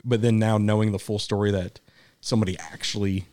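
A man's voice: lowish voice, steady tone, a little fast, darkish tone, no echo. A man co-hosting a podcast, telling a rambling story with frequent laughs and casual swearing. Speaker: podcast co-host. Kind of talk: casual chat.

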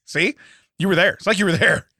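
A man co-hosting a podcast, telling a story in an animated rant, often laughing. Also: high-pitched, brisk, slightly rough, dry recording, studio quality. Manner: animated ranting with frequent laughter. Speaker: podcast co-host. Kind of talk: casual comedic storytelling.

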